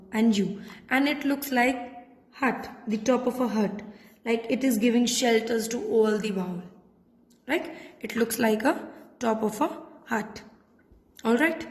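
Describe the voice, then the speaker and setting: Woman, Indian English accent, teacher, slow patient delivery, echoey room. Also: fairly high pitch, a little mellow. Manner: patient, repeats points slowly. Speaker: French teacher. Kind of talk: classroom lesson. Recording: echoey room with long reverb.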